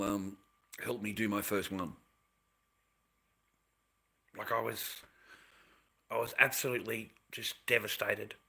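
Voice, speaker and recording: A man's voice: on the low side, a bit bright. Profane rambling man. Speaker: livestream host. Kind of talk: rambling casual storytelling.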